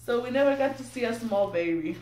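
A young woman chatting excitedly to camera while unboxing something at home, nervous and giggly. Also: fairly high pitch, brisk. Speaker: vlogger. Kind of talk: casual unboxing chat to camera. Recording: echoey room, mic a bit distant, faint background noise.

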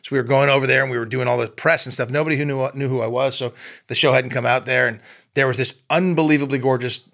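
A middle-aged man chatting as a guest, telling animated stories and acting out quotes. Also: medium pitch, fast. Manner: animated storyteller, acts out quotes. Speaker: guest actor. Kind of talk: casual chat.

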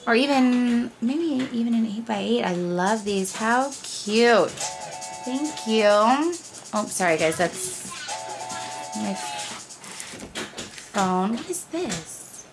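A woman's voice: fairly high pitch, very slow, creaky, long pauses, over music. Gushing young woman unboxing. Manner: gushing and excitable, gasps and repeats "oh my gosh". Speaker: crafting vlogger. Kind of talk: casual unboxing chat to camera.

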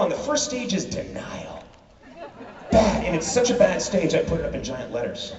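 A man performing an animated stand-up comedy routine in a large theater, shouting punchlines over a loud crowd. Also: on the high side, fairly quick, noisy background. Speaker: comedian on stage. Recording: far, roomy, lo-fi concert audio with loud crowd. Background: loud audience laughter and cheering.

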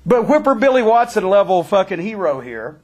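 A man being interviewed who tells a story bluntly, with heavy swearing and animated retelling. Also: high voice, fairly quick. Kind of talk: profane storytelling.

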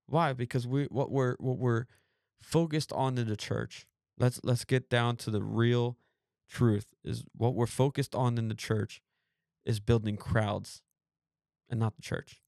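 A man's voice: medium pitch, steady tone, unhurried, vocal fry, a little mellow, dry recording, clean studio sound. A man hosting a podcast, preaching emphatically, reading scripture and repeating phrases for emphasis. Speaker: podcast host.

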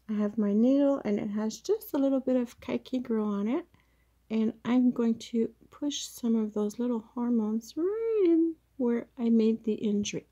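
Chatty, mellow-voiced woman demonstrating plant care. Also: a little high, moderate pace, highs cut off. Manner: chatty, hesitant, talks while working with her hands. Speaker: plant grower demonstrating propagation. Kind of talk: casual how-to demonstration. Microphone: camera mic, very close up.

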